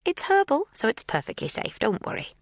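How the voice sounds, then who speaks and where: Sickly soothing older woman, sing-song and coaxing, voice lifted high above the reader's own, put on by a woman narrator. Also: wildly swooping pitch, brisk, no room sound, studio quality, exaggerated voice. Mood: sweetly menacing. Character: creepy sing-song older woman, falsely sweet captor.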